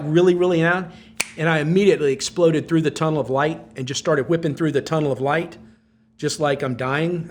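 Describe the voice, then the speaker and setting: A man's voice: on the high side, slight background noise. Intense older man telling a vivid story. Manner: intense, breathless recounting with repeated phrases. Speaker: podcast guest, former Navy SEAL.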